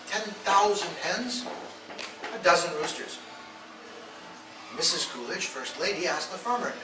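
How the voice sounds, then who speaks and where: A man's voice: on the high side, expressive, normal speed, long pauses, background noise. Blunt male speaker, echoey bootleg recording. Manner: storytelling, acts out quoted voices; blunt, provocative. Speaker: speaker giving a talk. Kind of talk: live lecture to an audience. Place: event hall. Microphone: audience phone camera. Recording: echoey phone recording from far off.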